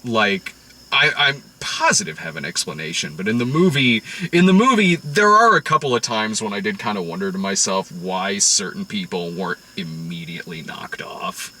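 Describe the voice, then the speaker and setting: A man hosting a casual movie review podcast, excitable and profane, often breaking into laughter. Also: fairly low pitch, normal speed, a little hiss or hum. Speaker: podcast host. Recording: distant mic.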